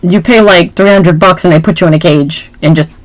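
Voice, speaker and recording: A woman co-hosting a casual movie chat, playful and animated, joking around as she talks. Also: fairly low pitch, a little fast, low-quality recording. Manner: playful, animated, jokes and puts on voices. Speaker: podcast co-host.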